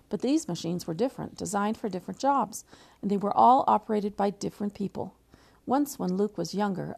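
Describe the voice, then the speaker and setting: A woman's voice: on the low side, gravelly, a little mellow. A woman teacher reading a novel aloud, with frequent slips and restarts.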